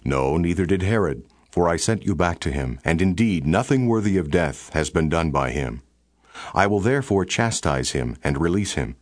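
A man with a very deep, low voice reads scripture aloud in a steady, formal cadence. The sound is dry and close, with no room around it. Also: normal speed, no room sound. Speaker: scripture narrator. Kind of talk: scripted Bible reading.

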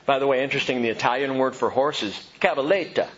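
A man preaching a sermon, animated, calling his listeners "gang" and explaining scripture. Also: mid-range voice, fast, dull audio, a little hiss or hum. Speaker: pastor.

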